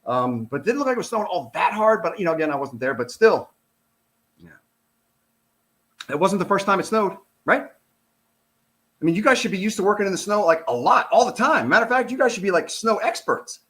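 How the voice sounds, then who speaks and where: A man's voice: high voice, big pitch swings, brisk, pauses often, fairly bright tone. A middle-aged man, a retired police officer, gives casual commentary on a released document. He talks in an exasperated, sarcastic, rambling way.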